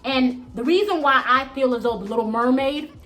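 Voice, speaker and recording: Woman vlogger, blunt opinions, high voice, soft music beneath. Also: normal speed. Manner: blunt, emphatic, repeats "okay?". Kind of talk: casual opinion commentary.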